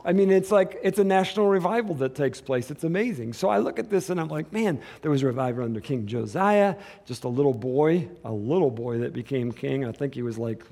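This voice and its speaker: A man preaching a sermon in a casual, animated way, acting out quotes as he goes. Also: mid-range voice, fairly quick, hardly any pauses. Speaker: pastor.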